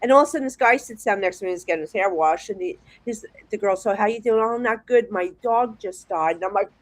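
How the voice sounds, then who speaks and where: A woman's voice: medium pitch, quick pace, no echo, low-quality recording. Chatty New Jersey woman telling stories. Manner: chatty, rambling, animated storyteller with restarts. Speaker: psychic guest. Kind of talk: casual storytelling chat.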